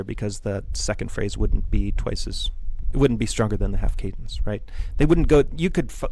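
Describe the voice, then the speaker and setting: Relaxed man teaching music theory. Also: lowish voice. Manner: loose, conversational, jokey asides. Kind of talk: casual lecture.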